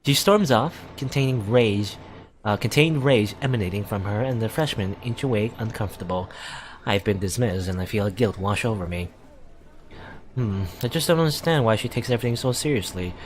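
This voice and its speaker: A man reading a visual novel aloud for a let's play, in a casual way with wry asides and quick self-corrections. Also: lowish voice, a little hiss or hum.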